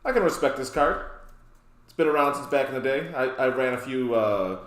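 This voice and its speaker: A man's voice: medium pitch, lively intonation, moderate pace, a bit bright. A man hosting a casual card game deck walkthrough, rambling with joking asides. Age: adult, past his youth. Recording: roomy echo.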